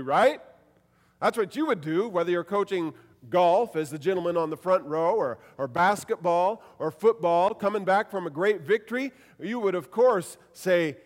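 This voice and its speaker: Pastor guy preaching, animated, acts out the quotes, highish voice, big echoey church hall. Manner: animated preaching, acting out quoted lines with shifts in pitch and loudness. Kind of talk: sermon.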